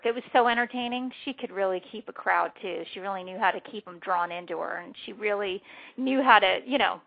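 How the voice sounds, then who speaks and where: A woman, a former wrestler, telling animated stories as a guest on a radio interview. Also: medium pitch, vocal fry, dull audio. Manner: lively, animated anecdotes. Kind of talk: phone-in radio interview, storytelling.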